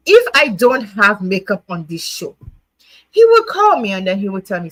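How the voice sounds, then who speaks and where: A woman's voice: medium pitch, huge pitch swings, normal speed, dry recording, low-quality recording. Grateful woman hosting a livestream. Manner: warm, grateful, laughs often, restarts words. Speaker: livestream show host. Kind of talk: casual heartfelt chat to viewers.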